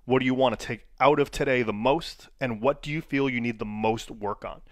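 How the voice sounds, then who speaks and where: A man's voice: medium pitch, fairly quick, no room sound. Coaching man quizzing his viewers, dry sound. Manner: coaching, asks the viewers questions. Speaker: wrestling coach. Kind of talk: online training lesson.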